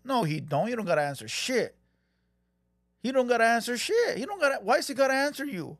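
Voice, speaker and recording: A man's voice: very high-pitched, very animated, brisk, fairly bright tone, no echo, studio quality. A man hosting a reaction channel, ranting heatedly and repeating himself, dropping Spanish slang. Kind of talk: reaction commentary.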